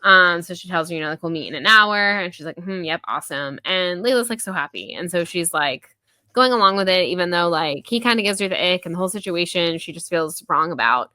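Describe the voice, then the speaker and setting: A woman hosting a podcast, chatting casually about a book, full of fillers and quick voiced quotes from the characters. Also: on the low side, lively intonation, bright, forceful tone, no room sound. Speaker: podcast host. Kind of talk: casual book review chat.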